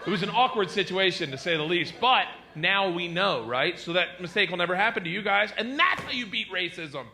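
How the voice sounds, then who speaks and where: Animated high-voiced stand-up comic man. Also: a little fast, background noise. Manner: animated, loud, breaks into silly put-on voices. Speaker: stand-up comedian. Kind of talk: stand-up comedy routine.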